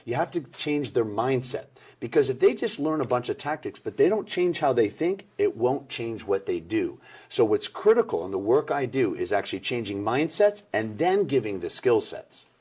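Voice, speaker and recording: A middle-aged man giving energetic interview answers about workplace communication, acting out the people he quotes. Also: mid-range voice, moderate pace, hardly any pauses, slightly rough. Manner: animated, acts out quoted people.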